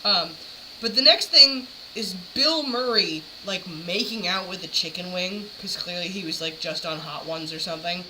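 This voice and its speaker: A woman's voice: on the low side, moderate pace, background noise. A woman talking casually while reacting to a video, rambling with frequent fillers. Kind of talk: casual chat.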